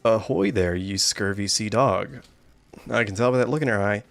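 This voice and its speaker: A man's voice: on the low side, creaky, a bit bright, no room sound, faint music behind. A man putting on a hammy pirate voice for a fox animatronic figure in a video game, stretching his words out. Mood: swaggering. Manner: drawn-out pirate accent, hammy.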